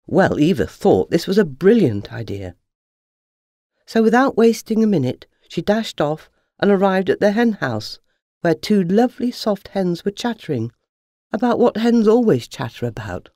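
A storyteller reading a children's story aloud with lively, expressive narration. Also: mid-range voice, normal speed, dry recording, clean studio sound.

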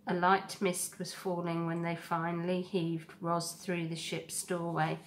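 A woman teacher reading a children's novel aloud to a class in a slow, steady storybook manner. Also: fairly low pitch, a little hiss or hum.

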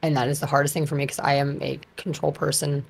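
Chatty, low-voiced woman. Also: quick pace, vocal fry, husky. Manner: chatty and animated, many fillers. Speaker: podcast guest, bodybuilder. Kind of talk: casual conversation.

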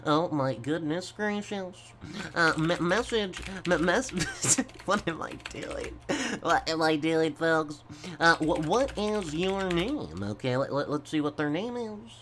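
A man doing goofy gameplay commentary, stammering and talking slowly to his viewers as folks. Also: a little high, lively intonation, fairly bright tone, slight background noise. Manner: slow, stammering, goofy, keeps addressing folks. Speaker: gaming YouTuber.

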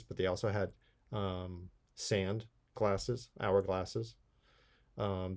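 A man's voice: lowish voice, a little mellow. A man, a college English teacher, giving a recorded video lecture in a conversational, playful way, with asides while he explains poems.

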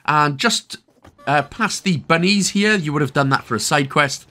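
A man's voice: fairly high pitch, normal speed, sharp tone. A man from Wales with a Welsh accent, giving a chatty, jokey game walkthrough full of rambling asides. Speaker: gaming video host. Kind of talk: casual game walkthrough commentary.

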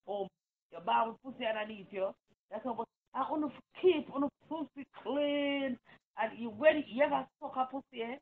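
A woman with a Jamaican accent, ranting and taunting someone in a loud, mocking sing-song patois. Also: a little high. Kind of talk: heated patois rant. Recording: tinny phone-like audio.

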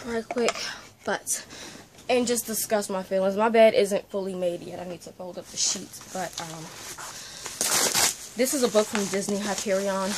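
A woman vlogging a casual book review from her bedroom, talking into a phone on a selfie-stick tripod, rambling and animated with lots of fillers. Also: medium pitch, moderate pace, very noisy. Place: bedroom at home.

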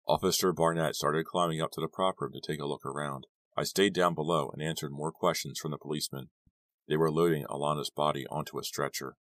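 Deep voiced guy reading a thriller audiobook, dry close sound. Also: fairly even intonation, a little fast, no room sound. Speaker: audiobook narrator. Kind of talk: scripted narration.

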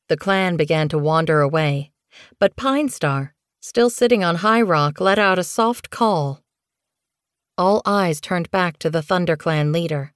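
Slow, low-voiced woman narrating an audiobook. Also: smooth, dry recording, clean studio sound. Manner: measured, unhurried reading. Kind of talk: scripted narration.

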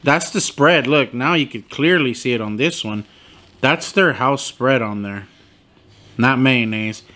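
A young man reviewing sandwiches in a casual food vlog, swearing freely and complaining loudly in disbelief about small portions. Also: mid-range voice, measured pace. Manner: profane, animated, incredulous complaining.

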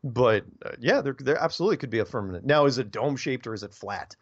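A man's voice: medium pitch, animated, fast, dull audio. A man hosting a radio show, reading listener emails aloud and answering them in a casual, rambling way, often stumbling over and repeating his words.

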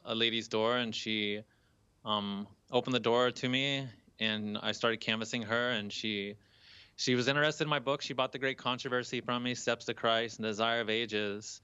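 A man's voice: mid-range voice, steady tone, moderate pace, bright, forceful tone, clean tone, no room sound, dull audio. A young man, a college student, telling a personal story earnestly in an interview, with some restarts. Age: young adult.

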